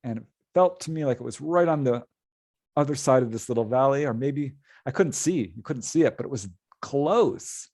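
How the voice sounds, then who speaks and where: A middle-aged man, a guest on an interview show, telling a story in an animated way and laughing often as he goes. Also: mid-range voice, moderate pace, no room sound, studio quality. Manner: lively, laughs often while telling a tale. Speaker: guest, paranormal author.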